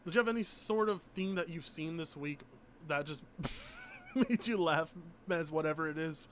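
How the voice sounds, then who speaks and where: A man's voice: fairly high pitch, moderate pace, a little hiss or hum. A man hosting a live stream, chatting casually, swearing and laughing often. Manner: profane, animated, laughs often. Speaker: streamer host.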